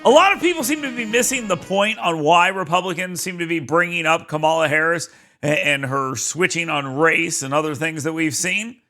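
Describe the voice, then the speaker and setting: A man's voice: a little high, normal speed, pushed and bright, soft background music. A man hosting a talk radio show, giving assertive commentary.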